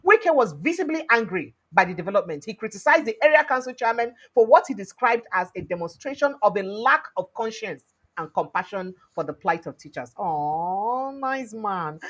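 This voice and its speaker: A woman's voice: mid-range voice, normal speed. A young Nigerian woman with a Nigerian accent, commenting on news in pidgin and English and acting out quotes. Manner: animated, mixes pidgin and English, acts out quotes.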